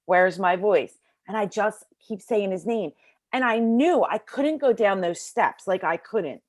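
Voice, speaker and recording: A middle-aged woman tells her own story as an interview guest, animated and casual, slipping into other people's voices along the way. Her voice sits at an ordinary middle pitch. She speaks from a bedroom at home with a dry, close sound and no room echo. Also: unhurried. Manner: casual, lots of fillers like "like". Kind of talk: personal storytelling.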